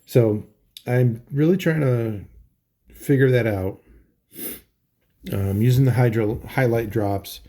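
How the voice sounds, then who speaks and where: A middle-aged man talking casually in a halting video diary, tired and full of ums and restarts. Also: mid-range voice, mellow. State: tired, yawning. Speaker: vlogger.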